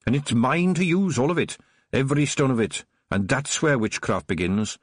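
A man's voice: medium pitch, animated, moderate pace, slightly rough, no room sound, clean studio sound, voice pushed up. A man voicing a sinister, honeyed old witch who runs a shop, gleeful and menacing. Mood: rapturous. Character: sinister sugary old woman witch shopkeeper. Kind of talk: audiobook character voice.

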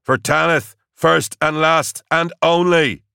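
A man voicing a grizzled male infantry officer who shouts orders in the thick of battle. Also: on the high side, steady tone, slow pace, gravelly, clear, resonant tone, dry recording, studio quality, pitched above the performer's own voice, full character voice. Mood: shouting fiercely.

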